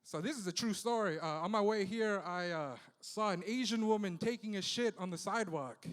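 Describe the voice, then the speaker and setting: A man's voice: high-pitched, fairly quick. A man doing a loose, profane stand-up set in a comedy club, peppering his lines with "you know.". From Philippines heritage, Bay Area. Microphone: handheld stage mic. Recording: live club with long reverb.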